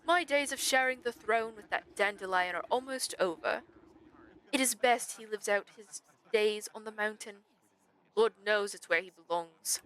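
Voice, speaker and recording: A haughty stag king from a dark fairytale game, as a woman puts him on. He drags out his words with lofty disdain, and the voice is bright and forceful. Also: medium pitch, normal speed, lightly acted, poor audio. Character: pompous arrogant male stag king.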